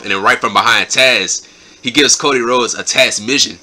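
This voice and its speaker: A man hosting his own show recaps wrestling episodes casually and enthusiastically, often repeating his words. His medium-pitched voice is bright and forceful, at a normal speed.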